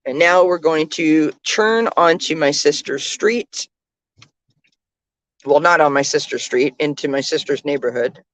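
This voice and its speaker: This Canadian vlogger and tarot reader has a low voice and speaks a little slowly while chatting from a car's passenger seat. The car is moving, her commentary is laced with fillers, and the recording is dry and poor in quality.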